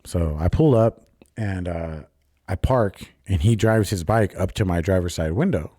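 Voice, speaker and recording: A man's voice: sits low, a little slow, dark tone, no room sound, studio quality. A young man hosting a solo podcast, telling a personal story in a rambling, profane, confessional way. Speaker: podcast host. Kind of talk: casual solo podcast monologue.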